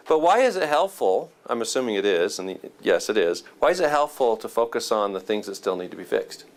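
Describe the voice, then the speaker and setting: A man leading a class discussion, chatty and encouraging, asking students for their impressions. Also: mid-range voice. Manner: chatty, encouraging, asks questions.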